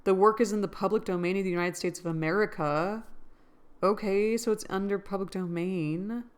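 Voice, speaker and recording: A woman's voice: mid-range voice, fairly even intonation, normal speed, clear, resonant tone. A woman hosting a casual read-aloud, rambling and thinking aloud between passages and correcting herself as she goes. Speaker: channel host reading a novel aloud.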